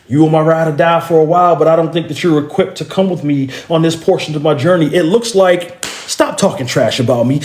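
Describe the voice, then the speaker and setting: A man delivers a motivational talk with a preacher's insistence, speaking straight to his listeners. His voice sits fairly high for a man. He hammers phrases again and again, tripping into stammered restarts, and the room around him rings with echo. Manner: addresses listeners directly and bluntly.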